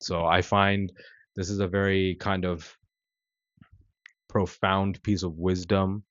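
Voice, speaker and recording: A man in his thirties telling a fable in a relaxed, conversational way, full of "like" and "you know". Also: low voice, takes it slowly, no echo, lo-fi sound. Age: 30s. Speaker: vlogger. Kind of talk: casual storytelling vlog.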